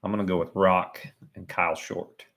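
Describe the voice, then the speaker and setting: Here a man with a low-pitched, slightly bright voice calls a sporting event live on a stream, keeping a level tone at a moderate pace. He's chatty, cracks jokes, and pokes fun at himself.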